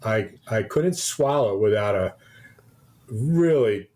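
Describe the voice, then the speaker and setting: A man's voice: on the low side, animated, takes it slowly, darkish tone. A man co-hosting a podcast, telling a rambling story in casual chat with many restarts. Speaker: podcast co-host.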